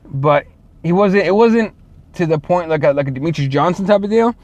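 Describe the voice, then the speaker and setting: A man's voice: on the high side, expressive, fairly quick, a little mellow, no echo, muffled recording. A man hosting a casual solo show, rambling and swearing, full of fillers and restarts. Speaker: show host.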